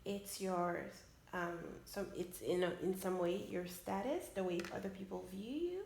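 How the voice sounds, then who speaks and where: Gravelly woman reading tarot, roomy echo. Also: on the low side, moderate pace, a little mellow, a little hiss or hum. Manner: tags many phrases with a questioning "okay?"; hesitant, with frequent "um" and restarts. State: losing her voice. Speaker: tarot reader. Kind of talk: casual spoken tarot reading. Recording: roomy echoey room.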